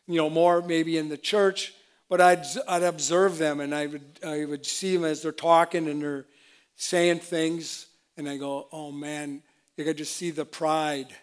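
Man preaching, kinda high voice, gets loud then drops way down low, jokes on himself a lot. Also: clear, resonant tone. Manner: fervent, swings between loud exclamations and low asides; self-deprecating, with laughs and restarts. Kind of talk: sermon.

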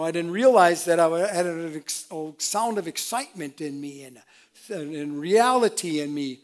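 A man preaching a sermon with fervent delivery, moving between loud exclamations and quiet, self-deprecating asides. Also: on the high side. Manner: self-deprecating, with laughs and restarts.

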